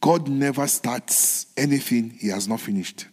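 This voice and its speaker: A man's voice: mid-range voice, normal speed, breathy edge. Man preaching a sermon, earnest, repetitive, dropping to whispers, in a reverberant hall. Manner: earnest, repeats phrases, moves between soft whispered lines and raised ones.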